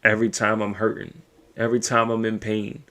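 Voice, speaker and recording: A man's voice: lowish voice, completely flat delivery, a little fast, sharp tone. A man hosting a podcast, speaking alone in a raw, emotional and profane way as he thinks aloud. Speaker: podcast host. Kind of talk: personal monologue.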